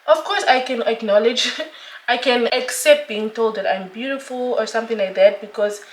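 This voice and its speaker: A woman's voice: on the high side, normal speed, reverberant. Chatty young woman laughing often. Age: young adult. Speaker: vlogger. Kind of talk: casual chat while doing makeup.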